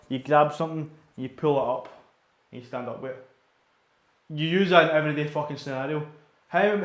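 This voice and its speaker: A man's voice: a little high, echoey room. A Scottish man chatting casually and rambling while training in a gym, swearing often and repeating himself. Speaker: livestreaming gym-goer.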